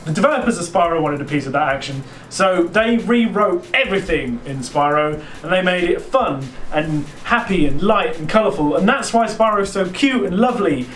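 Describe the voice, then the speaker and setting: A man's voice: high voice, animated, fairly quick, few pauses, a bit bright, reverberant. A man hosting a game channel, telling a game's backstory in a chatty, jokey voice-over. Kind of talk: retrospective voice-over narration.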